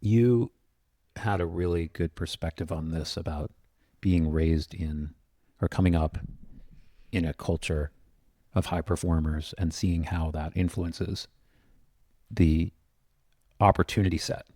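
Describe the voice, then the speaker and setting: A man co-hosts a podcast, laying out his argument thoughtfully and step by step. His voice sits very low, dark and mellow. The sound is dry and close to the mic. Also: steady tone, measured pace, pauses often, dry recording. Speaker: podcast co-host. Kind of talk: conversational podcast talk.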